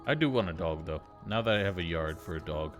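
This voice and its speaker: A man's voice: low voice, animated, quick pace, faint music behind. A man streaming a game, rambling casually with wry asides. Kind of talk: casual gameplay commentary.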